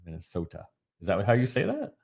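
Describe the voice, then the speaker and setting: A man's voice: deep voice, big pitch swings, normal speed. A man co-hosting a casual live show over drinks, playful and fond of trying out silly regional accents. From Florida. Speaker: podcast co-host.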